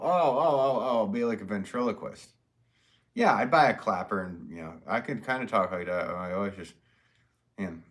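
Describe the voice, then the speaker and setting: Reading viewer comments aloud on a live stream, this Connecticut potter talks in a loose, meandering, relaxed way, dropping plenty of fillers. His voice is on the low side and fairly bright, recorded in his pottery studio against background noise.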